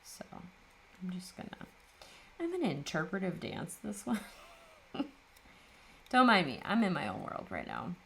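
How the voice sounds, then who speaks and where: A woman talks her way through a craft project in a low voice with plenty of vocal fry. She is chatty and self-mocking, laughing often, and sounds a little tired. Her delivery is loose and unscripted. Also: huge pitch swings, moderate pace, long pauses, a bit bright, slight background noise. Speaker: papercraft video host. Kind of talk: casual chat while crafting.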